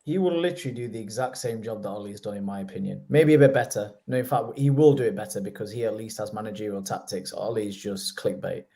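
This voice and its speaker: A man's voice: lowish voice, quick pace, few pauses, mellow. A young man on a podcast, laying out his opinion at length in casual chat. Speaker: podcast co-host.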